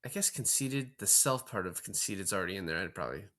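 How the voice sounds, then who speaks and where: This man's voice is low, expressive, quick, pushed and bright as he co-hosts a casual podcast discussion of a movie. Swearing comes easily to him as he recounts the scenes.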